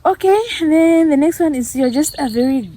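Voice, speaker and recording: A woman's voice: high voice, lively intonation, moderate pace, mellow, a little hiss or hum. A young woman from Namibia talking casually in a vlog, earnest and reflective, often laughing at herself. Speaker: YouTuber.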